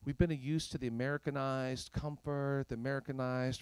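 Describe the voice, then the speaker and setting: A male pastor preaching a sermon in an emphatic, rhetorical way. He swings from loud questions to hushed whispers and adds playful asides with chuckles. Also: medium pitch, little pitch movement, normal speed, hardly any pauses, clean tone, no echo.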